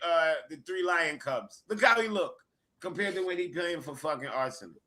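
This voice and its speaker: A man's voice: fairly high pitch, lively intonation, moderate pace, sharp tone. A man co-hosting a football podcast, brash and profane, mimicking people for laughs. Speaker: podcast co-host. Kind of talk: loud banter about football.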